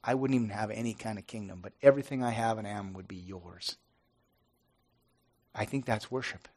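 A middle-aged pastor speaking earnestly and haltingly to his congregation, with many restarts. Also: on the low side, darkish tone. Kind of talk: informal devotional talk to a congregation.

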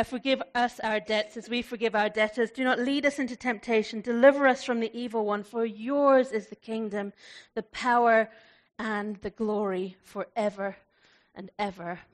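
A woman pastor preaching a sermon in a warm, conversational way, laughing often and slowing down to recite prayer. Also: medium pitch, fairly even intonation.

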